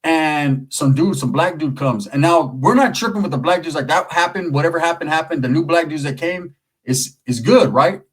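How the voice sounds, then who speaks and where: A man's voice: a little high, normal speed, husky, low-quality recording. A middle-aged man from California telling prison and neighborhood stories in casual, profane street slang. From Merced area, California. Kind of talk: casual storytelling.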